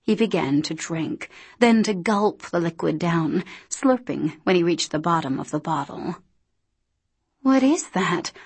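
A woman narrating an audiobook in a steady, deliberate reading style. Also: fairly low pitch, slightly rough. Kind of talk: scripted narration.

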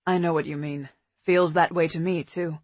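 A woman narrator voicing a calm, caring adult man in an audiobook, speaking steadily and methodically. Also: low voice, moderate pace, dry recording, voice pushed down. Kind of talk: audiobook character voice.

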